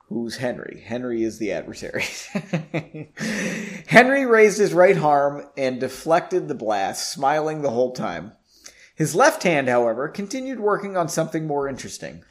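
A man's voice: on the high side, sing-song, normal speed. A man casually reading a story aloud, breaking off for chatty, jokey asides and correcting his own slips. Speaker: reader.

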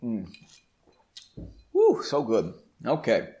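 A man's voice: medium pitch, wildly swooping pitch, very slow, mellow. Playful man reading his own story. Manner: joking, self-deprecating asides. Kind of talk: story reading with casual asides. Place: home basement studio.

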